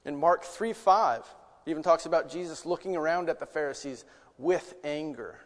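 A man preaching a sermon, earnest and conversational, asking rhetorical questions and moving between loud emphasis and quiet asides. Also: fairly high pitch, long reverb tail.

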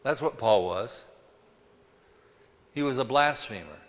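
A man preaching a sermon as pastor, swinging between loud emphasis and quiet asides. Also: mid-range voice, animated, takes it slowly, long reverb tail.

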